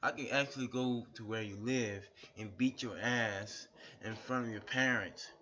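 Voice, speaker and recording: Man, angry profane rant, repeats insults, mid pitch, muffled lo-fi webcam sound. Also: normal speed, sharp tone, a little hiss or hum. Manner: shirtless on camera. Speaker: YouTuber. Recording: dull lo-fi webcam audio.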